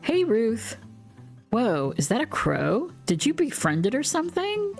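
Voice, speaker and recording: A woman's voice: a little high, huge pitch swings, unhurried, faint music behind, pitched above the performer's own voice, heavily acted. A woman voicing a friendly, curious young village builder in a game, sounding upbeat.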